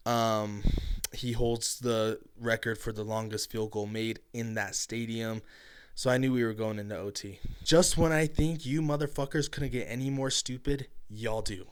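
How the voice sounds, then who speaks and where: A man's voice: medium pitch, fairly even intonation, moderate pace, bright, forceful tone. A man ranting about a football game, brash and mocking, with profane trash talk at his critics. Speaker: sports commentator. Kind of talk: heated sports reaction rant.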